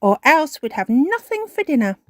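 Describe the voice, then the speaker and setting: A woman voicing a grateful mother sheep in a bright, relieved way for a storybook reading. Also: sits high, very animated, moderate pace, dry recording, clean studio sound, pitched above the performer's own voice.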